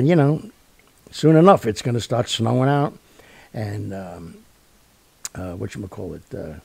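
Gravelly New radio host, rambling. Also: male voice, fairly low pitch, darkish tone. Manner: rambling and jokey, full of fillers and asides. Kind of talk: casual sign-off chat.

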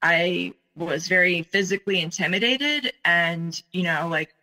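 A woman in her forties, a guest telling her own story in conversation, speaking in a halting, earnest way with many fillers. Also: lowish voice, sharp tone, poor audio. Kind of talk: personal account in conversation.

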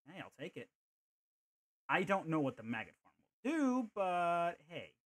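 Male game streamer, animated and jokey, thinks aloud; somewhat high voice. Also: unhurried. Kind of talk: casual gameplay commentary.

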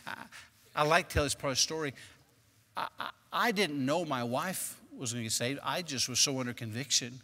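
A man preaching a sermon as a personal story, moving between quiet recollection and loud, emphatic bursts. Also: mid-range voice, fairly quick, long reverb tail. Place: church sanctuary.

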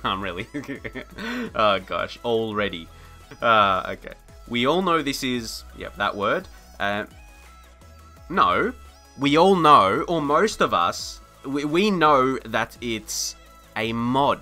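A man talks through a football video game in loose, rambling commentary. His voice is very bright and sharp, and he laughs easily and lifts with excitement at a good move. Faint music plays underneath. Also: medium pitch, takes it slowly. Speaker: gaming video host. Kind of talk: casual gameplay commentary.

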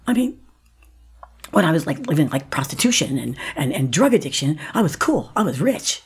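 A woman's voice: low-pitched, very animated, normal speed, slightly rough. A woman guest on a podcast telling a personal story with animation, acting out the dialogue and laughing as she talks.

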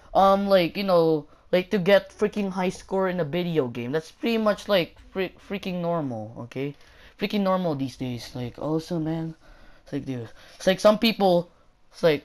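A woman's voice: fairly low pitch, a little slow, darkish tone. A woman ranting in a casual vlog, rambling and exasperated, packed with fillers and repetition. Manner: exasperated, mocking. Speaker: YouTuber.

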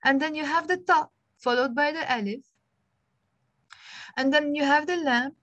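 A woman's voice: sits high, normal speed, fairly bright tone, no room sound, muffled recording. A woman with a Lebanese accent teaching an online beginners' language class over a video call, patiently spelling out letters one by one and encouraging her students. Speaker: Arabic teacher. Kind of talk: live online language lesson.

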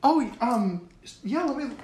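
A man plays a polite young woman friend in a comedy sketch. She speaks quietly and high, hesitating with fillers. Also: lively intonation, slow pace, slight background noise, full character voice. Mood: hesitant.

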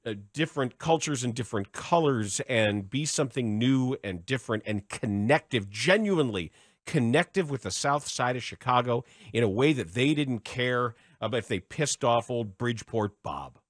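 A man's voice: mid-range voice, expressive, normal speed, no echo. A man co-hosting a sports talk radio show in a studio, sardonic and impassioned.

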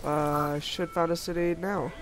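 A man's voice: a little high, level tone, moderate pace, over music, poor audio. A young man co-playing a multiplayer strategy game, laid-back in casual banter. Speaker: co-player.

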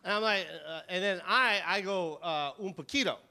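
A man from Los Angeles doing an animated, profane stand-up set. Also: high voice, normal speed. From Los Angeles, USA. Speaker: stand-up comedian. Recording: comedy club mic with crowd noise.

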